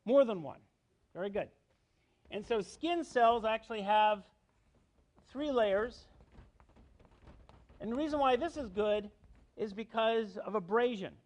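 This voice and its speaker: A man's voice: sits high, animated, a little slow, long pauses. A middle-aged man giving a university biology lecture, explaining step by step and checking in with students. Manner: explanatory, asks students questions, frequent "okay?". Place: lecture hall.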